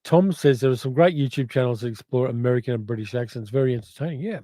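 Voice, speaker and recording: An older man with an educated Australian accent chats through a livestream, reading viewer comments aloud and wandering off into reflections. His voice is dark and mellow. The sound is dry and close. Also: medium pitch, fast talker, no echo. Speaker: livestream host.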